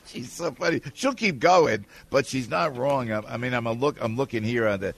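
A man's voice: mid-range voice, animated, normal speed, vocal fry. A man hosting a talk radio show, taking calls and agreeing with his guests effusively. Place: studio. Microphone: close studio mic. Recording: dry studio sound.

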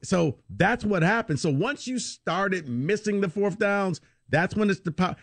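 A man hosting sports talk radio, explaining a game in a relaxed way. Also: sits high, unhurried, hardly any pauses, no room sound.

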